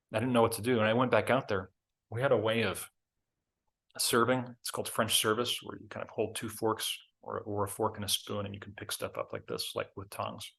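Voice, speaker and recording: Gravelly, husky man telling a story. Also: lowish voice, brisk. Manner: candid, self-deprecating, animated when reenacting. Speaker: host. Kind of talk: reflective storytelling talk.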